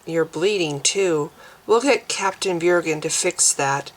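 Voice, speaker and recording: A woman voicing a calm, stern human man who leads, speaking quietly and in measured words. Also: lowish voice, low-quality recording. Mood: soothing.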